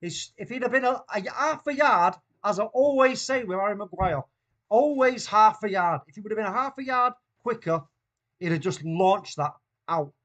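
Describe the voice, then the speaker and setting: A man with a Mancunian accent hosting a live football watchalong, reacting loudly and excitedly to the play. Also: sits high, moderate pace, dull audio. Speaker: watchalong host.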